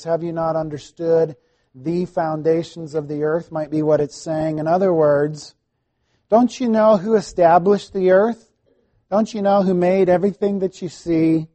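A man's voice: on the high side, warm tone, no echo. A middle-aged man preaching a sermon in a conversational way, with asides and restarts. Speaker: pastor.

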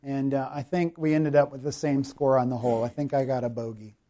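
A man from South Carolina with a Southern accent, preaching a sermon that swings from emphatic scripture passages to relaxed personal storytelling. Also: mid-range voice, fairly quick. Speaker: pastor.

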